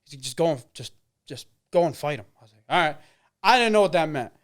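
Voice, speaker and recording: A man's voice: fairly high pitch, lively intonation, fast. A man in his twenties, an MMA fighter, telling stories in casual chat, rambling with many fillers and acting out quoted dialogue. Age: 20s. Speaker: interview guest, MMA fighter. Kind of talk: casual storytelling.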